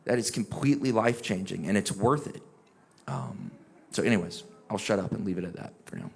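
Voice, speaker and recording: A man's voice: lowish voice, a little fast, creaky, breathy edge. Earnest man encouraging an audience. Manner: earnest, encouraging, asks rhetorical questions. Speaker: neurologist and epilepsy patient. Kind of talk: casual panel talk.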